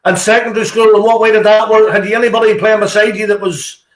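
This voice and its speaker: A man's voice: high voice, steady tone, fast, echoey room, crowd noise, low-quality recording. A man with a Northern Irish accent interviewing a guest in a casual chat, and he fills his talk with "you know". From Ballymena, Northern Ireland.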